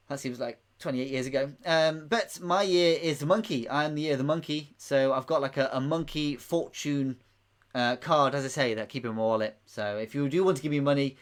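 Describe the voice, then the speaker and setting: A jokey quiz host in his late twenties reads out answers and wanders off into giggly tangents. His voice sits at an ordinary middle pitch. He talks right up against his microphone. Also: clear, resonant tone. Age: late 20s. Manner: jokey, giggly, rambling asides. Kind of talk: live-streamed quiz answers. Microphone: microphone close to the mouth.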